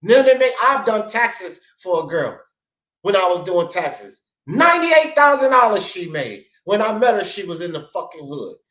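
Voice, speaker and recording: A man's voice: sits high, very animated, moderate pace, pushed and bright, reverberant, poor audio. A man hosting a talk show, ranting bluntly and profanely in heated commentary. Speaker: sports talk show host.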